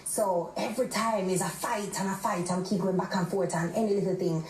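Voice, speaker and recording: A woman's voice: mid-range voice, steady tone, brisk, darkish tone, roomy sound, poor audio. A woman with a Jamaican accent, a guest in an interview recounting her own experience and mixing patois into her English. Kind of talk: personal account in an interview.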